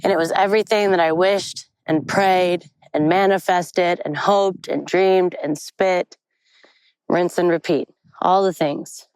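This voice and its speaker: A woman's voice: fairly low pitch, fairly even intonation, unhurried, a little mellow, smooth, no echo, low-quality recording. A woman telling a candid, rambling story into her phone while hiking on an outdoor forest trail. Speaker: vlogger. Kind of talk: casual storytelling vlog. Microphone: phone held while walking.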